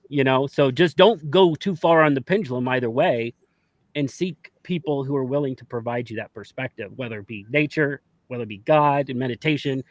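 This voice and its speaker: A man's voice: mid-range voice, no room sound. Man, earnest, reflective, dry close sound, podcast guest. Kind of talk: conversational advice.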